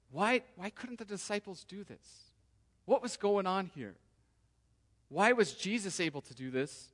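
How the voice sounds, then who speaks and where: A man's voice: on the high side, fairly bright tone. A man preaching a sermon as a pastor, earnest and preacherly, often speaking a believer's prayers aloud. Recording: long reverb of a large hall.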